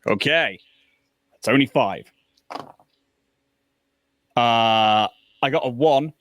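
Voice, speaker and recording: A man's voice: medium pitch, very slow, a bit bright, slight background noise. A man playing a tabletop role-playing game, easygoing and upbeat as he rolls dice and explains his moves. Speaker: player.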